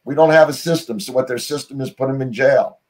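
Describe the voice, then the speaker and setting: A fast-talking middle-aged American with a medium-pitched voice is heard remotely as an interview guest. Rambling through his story, he fills gaps with "you know" and frequently breaks off mid-sentence to try again.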